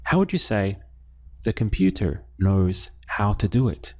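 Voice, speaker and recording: Slow, patient male language teacher. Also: fairly low pitch, lively intonation, darkish tone. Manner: slow, patient, repeats each phrase twice. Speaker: Spanish teacher. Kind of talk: spoken language lesson. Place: lives in Latin America.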